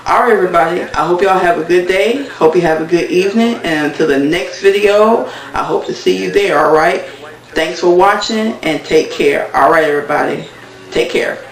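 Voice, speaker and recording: A man's voice: high voice, normal speed. A man casually retelling a TV episode in a rambling way full of fillers, in an echoey room with the mic at a distance. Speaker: TV recap vlogger.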